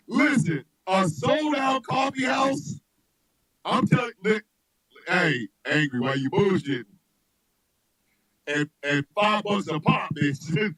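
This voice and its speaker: A man who is a comedian and radio host, joking loudly in animated casual chat, often shouting and laughing. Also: high voice, slightly rough, dry recording, poor audio.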